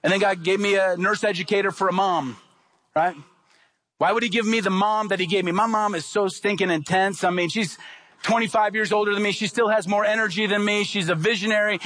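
A man's voice: high-pitched, fairly bright tone. A man preaching a sermon, emphatic and repetitive, often asking the congregation questions. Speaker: pastor.

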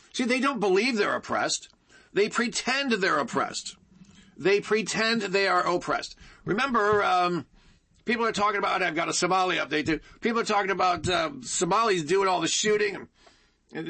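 A man hosting an opinionated political commentary monologue, with a high, husky voice. His tone is bright and tense, and he hammers points home by repeating them. He keeps addressing his listeners directly as folks. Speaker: political talk show host.

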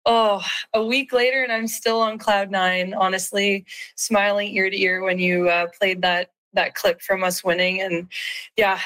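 An upbeat woman in her thirties talks casually as an interview guest. Her voice is slightly hoarse, at a middle pitch. Her speech is loose and cheerful, with lots of fillers and quick laughs. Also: fairly bright tone, low-quality recording. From Saskatchewan, Canada. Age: 30s. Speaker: professional hockey player, guest.

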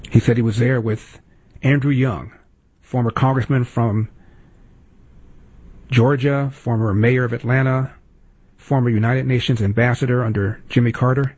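A man's voice: mid-range voice, fairly even intonation, moderate pace, pauses often, darkish tone, slightly rough. A male radio talk host giving sarcastic, indignant political commentary and reading ads, with emphatic repetition.

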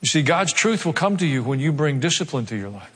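A pastor preaching a sermon, emphatic and conversational, repeating key phrases. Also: male voice, fairly high pitch, very animated, fast, husky. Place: large church hall. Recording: long hall reverb.

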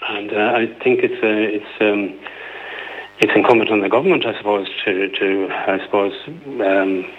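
An Irish man calling into a radio phone-in, making his point earnestly and haltingly, with plenty of ums. His voice is on the low side. It comes through a thin, tinny phone line. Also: slightly rough. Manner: earnest, hesitant, many fillers. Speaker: caller. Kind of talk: phone-in call.

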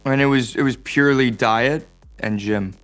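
A man's voice: medium pitch, moderate pace, a bit bright, faint music behind. An American man in his thirties, an actor chatting in a casual press interview, joking around and calling the host dude. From United States. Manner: laid-back, jokey, says dude a lot. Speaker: actor promoting films.

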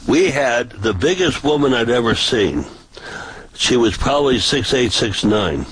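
A man who preaches on the street, telling stories from his protests in a casual, animated way. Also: unhurried, breathy edge, dry recording, rough recording. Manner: animated, pitch jumps for quoted voices. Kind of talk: casual storytelling.

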